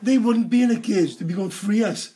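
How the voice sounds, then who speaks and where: A man's voice: sits high, quick pace, warm tone, slightly rough. A man co-hosting a podcast, teasing the others and laughing as he talks. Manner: teasing, laughs while talking. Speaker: podcast co-host. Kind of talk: crude casual banter.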